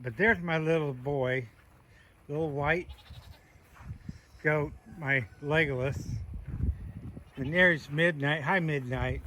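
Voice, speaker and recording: A man's voice: a little high, sharp tone, a little hiss or hum. A man walking around his small farm outdoors, chatting casually and talking sweetly to his goats. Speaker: homesteader showing his animals. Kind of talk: casual farm walkthrough vlog.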